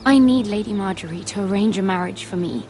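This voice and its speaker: An actress playing an earnest young handmaiden at a royal court in a video game, speaking softly and confidingly. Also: female voice, mid-range voice, fairly quick, faint music behind, close to an everyday voice. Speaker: game character. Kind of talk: voiced video game dialogue.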